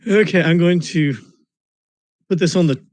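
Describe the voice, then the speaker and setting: A man's voice: a little high, normal speed, darkish tone, no echo. A man playing in an online tabletop game, chuckling and sounding a little sheepish. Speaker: player. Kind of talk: casual game talk.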